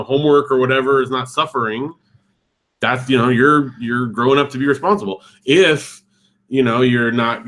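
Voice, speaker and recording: In a mid-range, slightly bright voice, a podcast co-host in his thirties rambles through casual conversation. His speech is full of fillers, and he keeps restarting his sentences.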